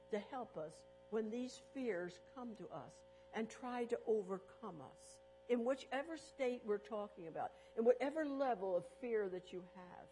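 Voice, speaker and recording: A woman speaking at a church talk, slowly repeating verses and stressing words in turn, sharing her own experience earnestly. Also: on the high side, warm tone, rough recording. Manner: personal testimony, earnest. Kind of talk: devotional talk with slides.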